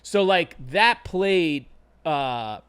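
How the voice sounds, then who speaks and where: A man's voice: on the high side, lively intonation, very slow, a bit bright, clear, resonant tone. A young man on a comedy podcast, rambling through a funny story, swearing casually and acting out what people said. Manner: rambling anecdotal, swears casually, acts out quotes. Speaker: podcast co-host.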